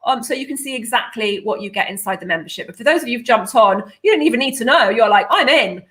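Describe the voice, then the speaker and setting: A woman's voice: a little high, animated, quick pace, a bit bright. A woman hosting a casual live stream, bubbly and chatty with lots of fillers. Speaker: host of a nutrition membership livestream.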